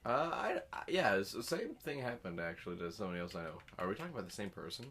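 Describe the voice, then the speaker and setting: A teenage boy co-hosting a casual comedy podcast, telling stories in an animated way. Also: on the low side, fast, breathy edge. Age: teens. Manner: animated storytelling. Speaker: podcast co-host. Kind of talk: casual chat.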